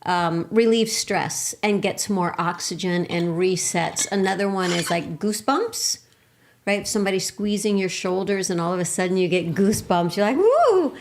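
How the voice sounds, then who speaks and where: A woman's voice: fairly low pitch, normal speed. A woman co-hosting a qigong session, explaining things in a chatty, casual way with fillers. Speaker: co-host.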